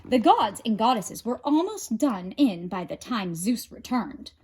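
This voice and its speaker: A woman librarian reading a storybook aloud. Her voice is husky and a little high, swinging through a lively range. The narration is expressive and dramatic. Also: unhurried.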